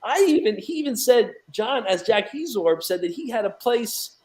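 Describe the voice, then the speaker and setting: A man's voice: sits high, expressive, moderate pace, darkish tone. A man speaking as a guest in a casual interview, from New York, rambling with many fillers and restarts. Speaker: guest, documentary associate producer.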